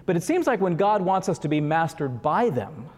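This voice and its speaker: A man's voice: fairly high pitch, very animated, normal speed, a little mellow. A man giving a conversational sermon, with frequent asides and chuckles. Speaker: preacher. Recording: long reverb of a large hall.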